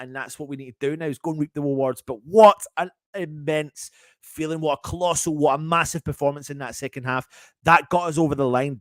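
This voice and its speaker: A man's voice: fairly high pitch, dry recording. Overexcited man talking football, dry sound. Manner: excitable, stumbling over words, swearing. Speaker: fan channel host. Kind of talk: casual live fan chat.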